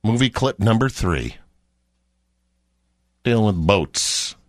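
Brief: chummy male radio host, lively delivery, dry studio sound. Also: lowish voice, slow, no room sound. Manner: upbeat, chummy with callers. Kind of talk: radio call-in quiz.

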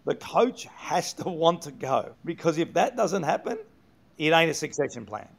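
A middle-aged man with an Australian accent talks in a gravelly, creaky voice pitched a little high. He recounts his coaching years candidly as an interview guest, often restarting his sentences mid-thought. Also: big pitch swings, normal speed. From Melbourne, Australia. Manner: candid, anecdotal, frequent restarts. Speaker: former football coach, guest. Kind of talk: conversational interview storytelling.

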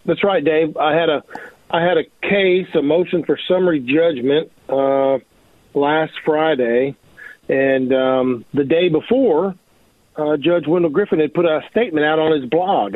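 A man's voice: on the high side, dry recording. Indignant man on a tinny phone line. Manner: indignant, emphatic, repeats himself. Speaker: lawyer guest. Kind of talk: radio call-in interview.

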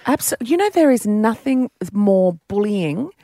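A woman co-hosting a breakfast radio show, speaking in an outspoken, expressive way. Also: mid-range voice, measured pace, dry recording, clean studio sound. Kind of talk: casual radio banter. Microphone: studio microphone.

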